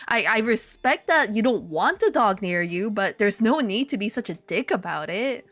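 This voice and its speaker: Woman streamer, casual chat, lively swooping pitch, dry close sound, faint music behind, swears and laughs. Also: a little fast, hardly any pauses, dry recording. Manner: animated storytelling, swearing, laughing, jumps to high excited exclamations. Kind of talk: casual chat reading viewer comments. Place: lives in Korea.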